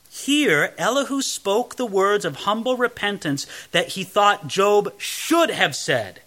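A man's voice: high voice, animated, slow, few pauses, pushed and bright. A man teaching the Bible verse by verse in a conversational way, reading a passage and then explaining it.

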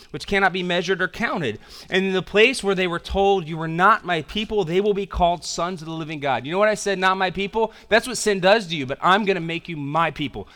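A man preaching a sermon as pastor. He swings between loud emphatic passages and quiet, intense ones, with casual slang in his asides. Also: sits high.

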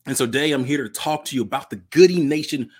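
A man's voice: mid-range voice, fast talker, husky. Upbeat motivational man hosting a podcast. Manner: upbeat, motivational, repeats key phrases for emphasis. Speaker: podcast host and nonprofit founder. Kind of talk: solo podcast monologue.

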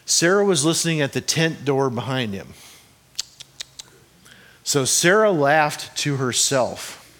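Speaking slowly with long pauses, the pastor uses a mid-range, fairly bright voice with lively intonation. His sermon in the church hall is conversational and playful, full of rhetorical questions for the congregation.

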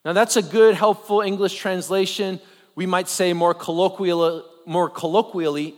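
Pastor, male, somewhat high-voiced; casual sermon full of asides and questions; reverberant hall recording. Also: moderate pace. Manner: animated, with joking asides and rhetorical questions. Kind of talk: conversational sermon. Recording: long reverb of a large hall.

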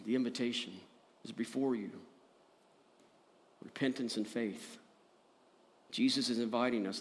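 A man preaching a sermon as pastor, earnest, rising to emphatic peaks and dropping soft. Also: mid-range voice, unhurried, long pauses.

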